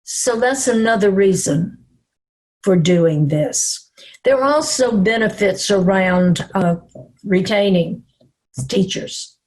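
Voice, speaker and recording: Older Southern-accented woman, webinar presenter, slow calming cadence, slightly husky. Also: mid-range voice. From American South. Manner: slow, calm, reassuring.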